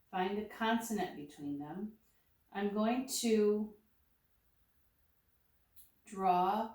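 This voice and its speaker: A woman teacher explains a phonics exercise one step at a time, slow and methodical. Her voice sits a little low. She sounds set back from the mic in a very echoey room. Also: a little mellow, distant mic. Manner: slow, methodical, talking through each step aloud.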